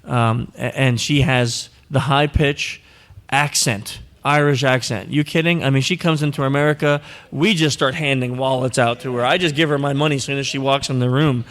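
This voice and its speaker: A man's voice: mid-range voice, steady tone, moderate pace, a bit bright. Joking male podcast host live. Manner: joking, teasing, acts out quoted voices. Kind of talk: live panel talk with audience questions. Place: live event before an audience.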